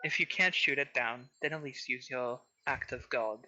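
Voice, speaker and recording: Bright, sharp player on a muffled mic. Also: mid-range voice, normal speed. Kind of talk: tabletop role-play banter.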